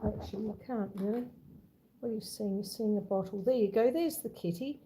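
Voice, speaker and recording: A woman's voice: mid-range voice, fairly quick, warm tone, a little hiss or hum. A woman chatting to her viewers on a homestead vlog as she walks from the cold outdoors into her house, cooing at her pets along the way. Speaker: homestead vlogger. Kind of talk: casual walk-and-talk vlog. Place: outdoors in freezing fog, then indoors in a house.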